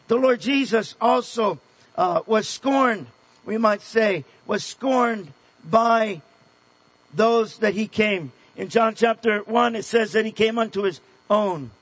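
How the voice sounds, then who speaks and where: A man preaching a sermon, earnest and emphatic, dropping to a hushed voice for tender points. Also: high voice, slightly rough, poor audio.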